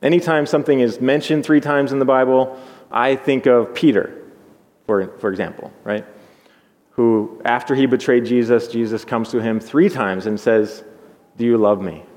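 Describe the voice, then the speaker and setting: A pastor giving an earnest, measured sermon, often repeating words as he thinks aloud. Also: mid-range voice, fairly even intonation, a little mellow. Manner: earnest, measured preaching with repetitions. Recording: long hall reverb.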